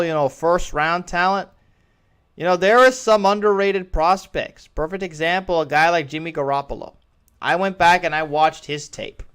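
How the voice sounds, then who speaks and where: Man, sports talk host, opinionated, rambling, smooth clear tone. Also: a little high, fairly bright tone. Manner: rambling, restarts phrases often. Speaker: podcast host. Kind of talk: solo sports commentary.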